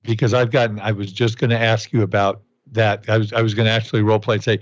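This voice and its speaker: A man's voice: on the low side, little pitch movement, fast, dry recording, dull audio. Conversational male interview host. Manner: conversational, affirming. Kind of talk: podcast interview.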